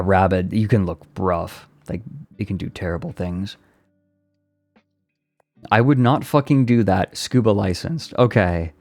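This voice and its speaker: Low-voiced man reading and riffing on stream. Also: a little mellow, no room sound. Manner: profane, rambling asides between read passages. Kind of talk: casual stream commentary, reading an article aloud.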